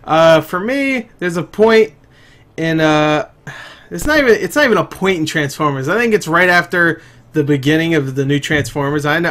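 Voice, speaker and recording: A man's voice: a little high, a bit bright. A young man hosting a casual gaming podcast, talking loosely with lots of swearing and laughter, often trailing off. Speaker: podcast host.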